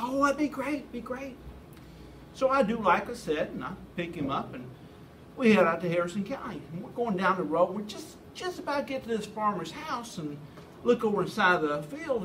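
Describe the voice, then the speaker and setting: Folksy male storyteller, high and bright, animated; distant mic. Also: brisk, noisy background. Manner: folksy, animated yarn-spinning. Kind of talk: anecdotal storytelling.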